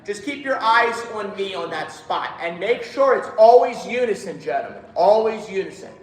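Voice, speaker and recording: A man's voice: high-pitched, lively intonation, normal speed, echoey room, in a large hall. A man directing a choir rehearsal, giving instructions and singing lines himself to show how they should go. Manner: demonstrates lines by singing, counts in.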